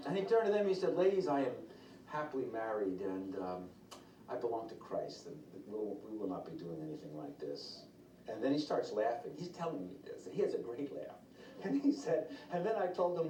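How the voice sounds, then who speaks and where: A man's voice: lowish voice, fairly quick. A man preaching a sermon from a distance in a roomy, echoing space. He tells stories and acts out the people he quotes, with a faint hiss behind him. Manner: storytelling, quotes others in lively changing voices. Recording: roomy echo, from far off the mic, faint noise.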